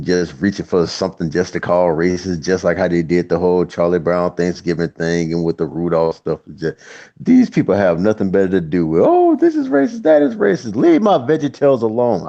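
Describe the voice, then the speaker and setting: A man's voice: low voice, mellow. A man in a casual livestream chat, ranting emphatically and with animation. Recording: muffled lo-fi mic.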